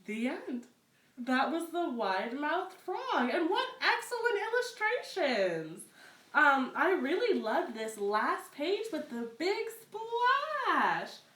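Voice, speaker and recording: A woman reading picture books aloud to children at story time, expressive and encouraging. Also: high voice, slow, recorded from a distance. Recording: roomy echo, away from the mic.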